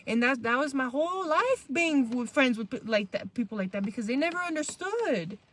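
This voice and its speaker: A woman with a notably high voice tells a personal story on a podcast. She is casual and animated, with lots of slang and swearing, and she laughs easily as she talks. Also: brisk. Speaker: podcast host.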